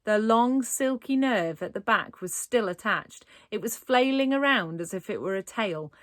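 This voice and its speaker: A woman's voice: mid-range voice, normal speed, dry recording, clean studio sound. A woman narrating a children's storybook aloud with a dramatic, playful delivery. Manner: expressive, dramatic read-aloud with playful asides. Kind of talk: storybook reading.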